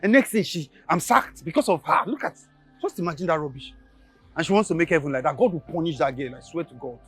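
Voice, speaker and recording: A man's voice: a little high, animated, fast, faint music behind, lightly acted. An actor with a Nigerian accent playing a proud young driver who lectures his boss bluntly. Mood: angry. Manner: lecturing, scolding loudly. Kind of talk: Nollywood film acting.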